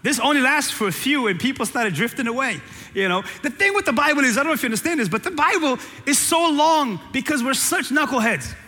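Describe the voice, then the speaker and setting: A man preaching a sermon in a church, animated and jokey, teasing his listeners and repeating phrases for effect. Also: very high voice, quick pace. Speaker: pastor. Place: church sanctuary. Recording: long reverb of a large hall.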